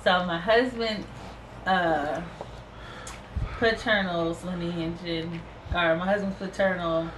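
A tired woman, a new mother, chatting casually in a low-key, subdued way. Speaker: vlogger sharing ancestry results. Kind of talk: casual chat. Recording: echoey room with background noise.

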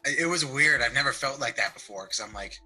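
A man's voice: medium pitch, animated, brisk, sharp tone, breathy edge, faint music behind, rough recording. A young man, a guest on a call-in show, chatting loosely over a video call, with lots of "like" and mild swearing. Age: young adult. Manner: loose, laid-back, peppered with "like" and mild swearing. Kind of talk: casual chat.

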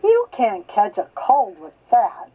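A woman's voice: fairly high pitch, wildly swooping pitch, slow, slightly rough, exaggerated voice. An older woman voicing a cheerful young boy squirrel in a storybook reading, amused and teasing. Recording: slightly dull lo-fi recording.

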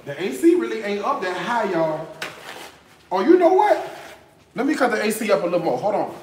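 A man vlogging in his home kitchen, chatting in a sassy, animated way with speech. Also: sits high, brisk, roomy sound, a little hiss or hum. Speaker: cooking vlogger. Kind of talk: casual chat.

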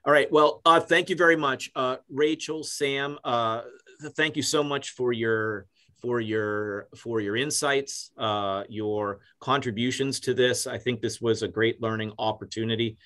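A man's voice: mid-range voice, fairly even intonation, unhurried, sharp tone. A man moderating a webinar panel, stammering and repeating words as he wraps up.

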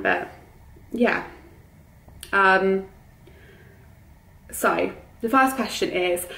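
A woman's voice: medium pitch, vocal fry, a bit bright, echoey room, poor audio. A young woman talking casually to camera as a vlogger, chatty and heartfelt, with plenty of ums and restarts. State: tearful at times.

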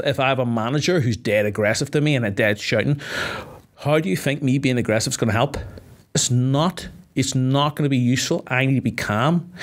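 A man, an MMA fighter, chatting casually on a podcast, swearing freely and filling his speech with "like" as he explains. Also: medium pitch.

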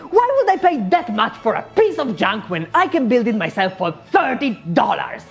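A woman's voice: very animated, moderate pace, gravelly, few pauses, soft background music. A woman doing a comic supervillain-persona narration, theatrical and sarcastic. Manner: theatrical, sarcastic, swinging wildly in pitch. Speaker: YouTube maker.

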